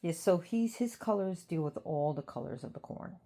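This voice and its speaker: A tired woman talking casually about an old god, rambling and pausing to think. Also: fairly low pitch, animated, warm tone. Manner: rambling, unhurried, pauses to think. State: tired, yawning. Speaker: host of a mythology talk. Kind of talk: casual talk to camera.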